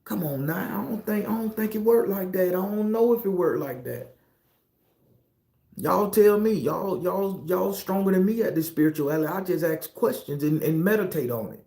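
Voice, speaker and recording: A man's voice: high voice, lively intonation, moderate pace, creaky, mellow. A middle-aged man with a Southern US accent, a tarot reader giving a preachy, profane and confessional spiritual monologue. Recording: echoey room.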